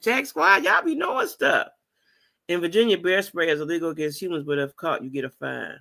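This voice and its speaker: A woman's voice: fairly low pitch, lively intonation, brisk, vocal fry, fairly bright tone. A woman hosting a casual livestream, chatting with her audience and reading their comments aloud. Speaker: livestream host.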